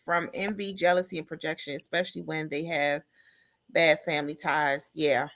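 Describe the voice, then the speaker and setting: A woman's voice: deep voice, normal speed. A middle-aged woman co-hosting a podcast in casual chat, telling stories and acting out the people she talks about. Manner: animated storytelling, acts out callers. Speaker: podcast co-host.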